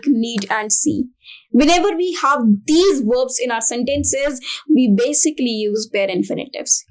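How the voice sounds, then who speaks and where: A woman's voice: fairly high pitch, a little mellow. A woman with an Indian English accent teaching a grammar lesson, going step by step through example sentences. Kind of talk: grammar lesson for exam prep.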